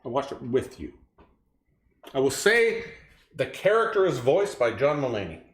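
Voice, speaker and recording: A man co-hosting a comedy show, playfully quizzing his partner with animated line readings. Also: medium pitch, moderate pace. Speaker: co-host. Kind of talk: casual comedy banter, quoting pig characters. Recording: echoey room.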